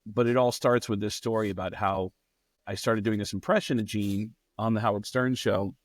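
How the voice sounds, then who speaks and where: A man, a comedian guest, telling stories in a lively way and swearing freely. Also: on the low side, normal speed, no echo. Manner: acts out quotes in raised voices, swears freely. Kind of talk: animated storytelling.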